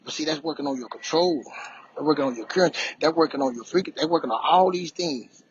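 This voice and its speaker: A man talking casually on a walk, sharing life lessons in a preachy, repetitive, animated way. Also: on the high side, fast, a little hiss or hum. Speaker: motivational vlogger. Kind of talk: casual motivational talk. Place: outdoors on a walk. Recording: dull, lo-fi sound.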